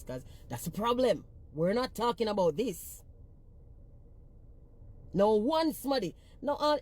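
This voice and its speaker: A woman's voice: medium pitch, dark tone, dry recording. A woman with a Jamaican accent ranting on a phone livestream, blunt and profane as she scolds her commenters. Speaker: social media personality.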